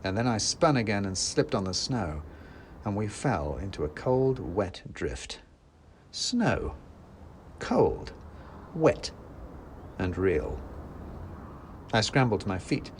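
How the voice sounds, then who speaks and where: A man's voice: fairly low pitch, unhurried, a little hiss or hum. A man narrating a scripted first-person story in a dry, wry manner. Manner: dry and wry, with lively acted quotes.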